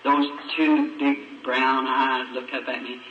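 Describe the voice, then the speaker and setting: Folksy preacher on an old echoey tape. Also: male voice, flat delivery, slow pace, slight background noise. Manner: folksy, emotional, acts out voices in a high pitch. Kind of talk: sermon storytelling. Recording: lo-fi old tape from a far mic, echoey church.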